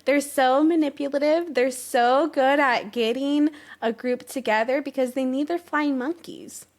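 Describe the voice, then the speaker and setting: A woman's voice: high-pitched, steady tone, measured pace. A woman guest on a talk show, chatting earnestly and telling her story, sometimes searching for words. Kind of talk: casual interview chat.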